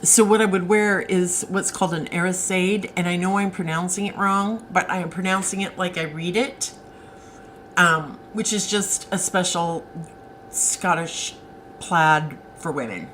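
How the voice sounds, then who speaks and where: A woman's voice: lowish voice, measured pace, fairly bright tone, slight background noise, rough recording. A woman author hosting a casual live stream, chatting and answering viewer comments as they come in.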